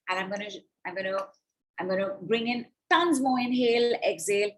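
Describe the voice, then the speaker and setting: Slow-chanting woman leading money affirmations. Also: mid-range voice. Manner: slow, chanting repetitions with breath cues. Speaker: spiritual money coach. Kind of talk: guided affirmation session on a call.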